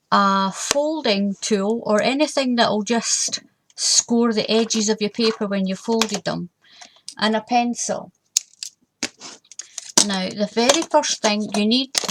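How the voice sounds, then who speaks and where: A woman's voice: medium pitch, background noise. An older woman, hosting a casual craft tutorial in a chatty way and repeating warnings with emphasis.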